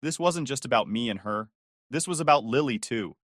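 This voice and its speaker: A man tells a first-person family story in a bitter, emphatic tone, pushing his questions upward. His pitch moves widely as he reads, and the close recording is dry with no room sound. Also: lively intonation, fairly quick, fairly bright tone, no echo. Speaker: story narrator. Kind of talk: scripted first-person narration.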